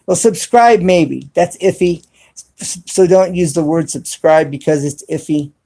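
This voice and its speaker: A man hosting a casual live stream from his cell phone, talking to viewers in the chat and spelling words out slowly and deliberately. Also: a little high, warm tone. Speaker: YouTube channel host live streaming.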